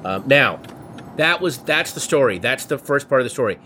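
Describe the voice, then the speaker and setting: A man telling a comic story in an animated, wry way, building tension. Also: medium pitch, normal speed, a little hiss or hum. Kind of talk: comedic storytelling. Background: guitar music.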